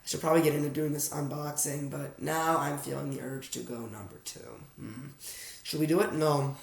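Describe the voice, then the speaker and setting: A man's voice: a little high, fairly even intonation, fairly quick, vocal fry. A young American man chatting casually through an unboxing vlog, rambling and self-aware as he talks to his viewers. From United States. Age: young adult. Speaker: fragrance reviewer. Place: room at home at night. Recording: echoey room.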